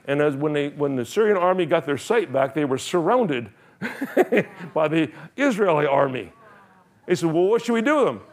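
A middle-aged male pastor preaching a sermon, animatedly retelling Bible stories and acting out the characters' lines with frequent laughter. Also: on the high side.

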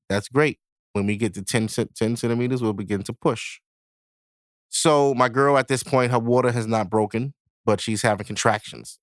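A young man hosting a podcast, telling a story in a casual, animated way, swearing and laughing as he goes. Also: fairly low pitch, dry recording, studio quality. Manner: animated, profane, laughing while he tells it. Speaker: podcast host.

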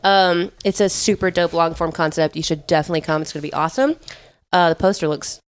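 A woman's voice: lowish voice, fast talker, clear, resonant tone. Slangy, upbeat woman on a podcast. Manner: enthusiastic slang-heavy plugging. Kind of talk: casual podcast chat.

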